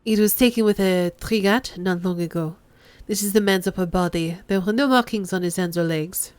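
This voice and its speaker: A woman voicing a poised, unperturbed middle-aged negotiator who speaks in a measured, formal way. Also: medium pitch, a little mellow, smooth, no echo, close to an everyday voice.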